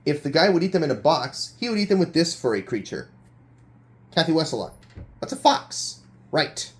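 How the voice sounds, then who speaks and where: A man's voice: fairly high pitch, very animated, brisk. A man hosting a homemade quiz show role-play, reading clues with hesitant hums and restarts. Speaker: game show host.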